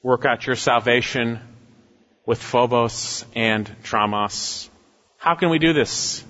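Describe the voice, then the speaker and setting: A male pastor preaching a sermon with emphasis, swinging between raised exhortation and low, quiet asides. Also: slow pace. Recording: dull lo-fi sound with long hall reverb.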